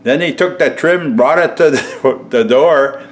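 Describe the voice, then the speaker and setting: A man's voice: mid-range voice, a little slow, faint music behind. A middle-aged man chuckling as he chats to viewers while showing a home repair. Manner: chuckling often, chatty, addresses viewers as folks. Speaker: DIY vlogger. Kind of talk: casual home-project demo.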